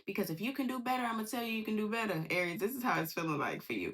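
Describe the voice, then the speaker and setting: Husky-voiced woman giving a slangy tarot reading. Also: mid-range voice, very fast, hardly any pauses. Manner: animated, slangy, acts out quoted voices. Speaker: tarot reader. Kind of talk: casual tarot reading monologue.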